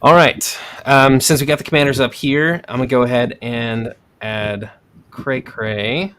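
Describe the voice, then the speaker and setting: A man hosting a podcast in casual chat, relaxed and full of fillers. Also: medium pitch, unhurried, a little hiss or hum. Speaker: podcast host.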